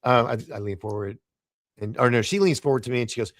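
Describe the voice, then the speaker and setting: A man guest on a podcast, telling a story in a casual, animated way, laughing often and stumbling over his words. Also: mid-range voice, fast talker, no echo, studio quality.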